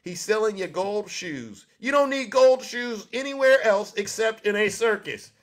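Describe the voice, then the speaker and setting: A man's voice: high voice, lively intonation, unhurried. A male show host delivering a mocking monologue, firing rhetorical questions at his audience.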